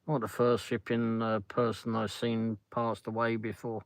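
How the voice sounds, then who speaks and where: A man's voice: mid-range voice, fairly even intonation, normal speed, hardly any pauses, no room sound, poor audio. A middle-aged English man hosting a casual livestream chat from a car on the drive home, rambling as he answers viewer comments. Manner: rambling, peppers talk with "flipping". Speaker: livestream host.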